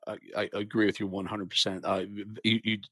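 A man speaking as an interview guest in a halting way, often repeating words as he starts a thought. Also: lowish voice, little pitch movement, bright, forceful tone, no room sound, clean studio sound. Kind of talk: casual interview talk.

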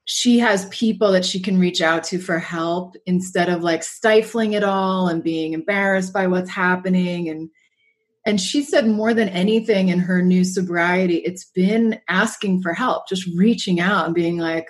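A woman guest author talking thoughtfully in a podcast conversation, often pausing to find her words. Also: on the low side. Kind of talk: reflective conversation.

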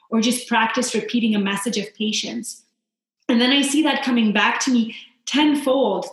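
A woman from Poland, a guest on a podcast, telling personal stories in an earnest, reflective way. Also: a little high. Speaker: guest, founder and coach for mothers. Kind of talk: heartfelt podcast interview. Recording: very echoey room.

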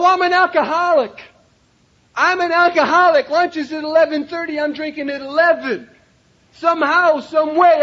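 High-voiced older man, emphatic recovery story. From Cleveland, Ohio, USA. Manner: emphatic, raises voice to a shout then drops low. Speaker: recovery meeting speaker. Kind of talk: personal recovery story told to a meeting. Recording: dull lo-fi recording.

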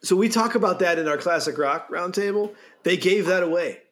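A man's voice: high voice, fairly bright tone. A man co-hosting a podcast who chimes in with short remarks and music trivia in a casual chat. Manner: brief interjections, quick to add music trivia. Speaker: podcast co-host.

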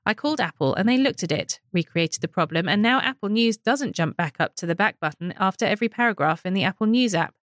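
A woman's voice: mid-range voice, lively intonation, fast, hardly any pauses, fairly bright tone, no room sound. Female listener reading her message, plain and direct, dry close recording.

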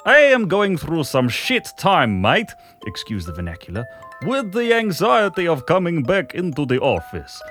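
Comic read: a man putting on a Slavic Australian letter writer, lively and hammy. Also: low-pitched, soft background music, voice pushed down. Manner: hammy and deliberate, slangy asides.

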